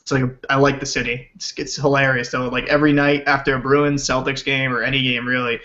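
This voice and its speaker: A man's voice: medium pitch, flat delivery, brisk, bright, forceful tone. A young man from Rhode Island, a podcast guest who jokes brashly and swears a lot. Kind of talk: casual podcast chat. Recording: dull lo-fi voice chat audio.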